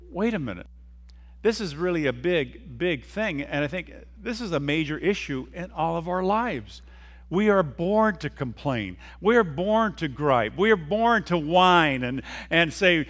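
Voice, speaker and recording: A man's voice: fairly high pitch, animated, unhurried, fairly bright tone. A middle-aged male pastor preaching a sermon emphatically, acting out quoted speakers and leading his congregation in repeating lines.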